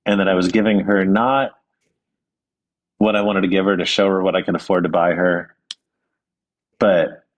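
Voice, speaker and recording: A man, a guest author telling stories in a relaxed, earnest way, with frequent ums and restarts. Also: low voice, slightly rough. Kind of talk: conversational interview storytelling.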